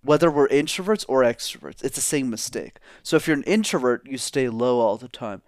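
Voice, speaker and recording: A man's voice: mid-range voice, brisk, no echo, studio quality. A man talking as a guest in an interview, coaching on public speaking and shifting his tone up and down to demonstrate. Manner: animated, demonstrates vocal tones. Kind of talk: energetic interview talk.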